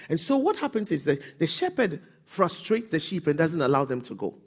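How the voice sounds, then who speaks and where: A man preaching a sermon as pastor, calling on the congregation to respond and rising to shouts. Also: a little high, very animated, a little fast, husky.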